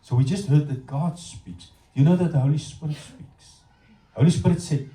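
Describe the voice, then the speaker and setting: A middle-aged man with a South African accent preaches a sermon, telling stories and talking straight to his congregation. His voice is a touch high and swoops up and down with lively energy. He sounds far from the mic in a roomy, echoing church hall. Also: normal speed. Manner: animated storytelling, addressing the congregation directly.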